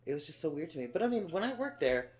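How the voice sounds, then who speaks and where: A man's voice: a little high, sing-song, fast talker. A man from Los Angeles, a podcast co-host telling stories in a sardonic, profane way. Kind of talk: casual chat.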